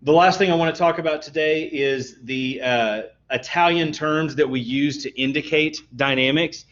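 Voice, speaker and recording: A man's voice: on the high side, moderate pace, fairly bright tone. A man teaching a college music class, explaining terms step by step and often checking with "okay?". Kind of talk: classroom lecture. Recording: dull lo-fi lecture recording.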